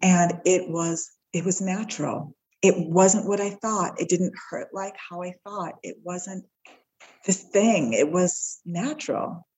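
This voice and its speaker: A woman's voice: fairly low pitch, slow, a little mellow, slightly rough, low-quality recording. A woman guest on a podcast, telling a heartfelt personal story and acting out the voices of the people in it. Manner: heartfelt, acts out the quoted voices.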